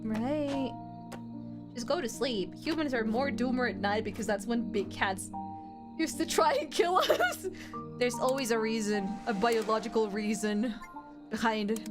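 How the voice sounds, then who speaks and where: Young woman streamer rambling to chat, lotta likes and giggles, kinda high voice, music going behind. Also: steady tone, normal speed. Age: young adult. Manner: rambling, giggly, lots of fillers.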